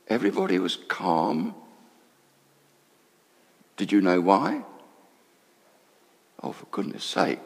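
An actor playing a male temple council member, telling a friend in confiding, animated storytelling what he has seen. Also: on the low side, vocal fry, big-room sound, heavily acted. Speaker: storyteller in character. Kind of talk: dramatic monologue.

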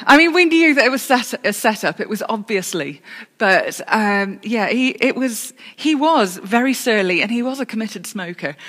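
A woman's voice: mid-range voice, fairly bright tone. Woman preaching in a reverberant church. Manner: storytelling with self-corrections and dry humour. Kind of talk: sermon.

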